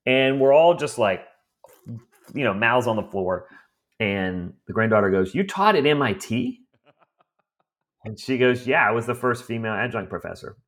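In conversation, a man who runs home cleanouts spins stories with lively energy, doing voices for each person involved. His pitch sits on the low side and his pace is moderate.

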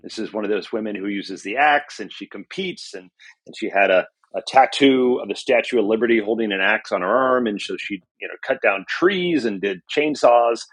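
A man's voice: on the low side, expressive, normal speed, a bit bright, husky. A middle-aged man being interviewed as an author, reflective and storytelling, with frequent fillers. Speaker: author and journalist guest. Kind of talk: conversational interview.

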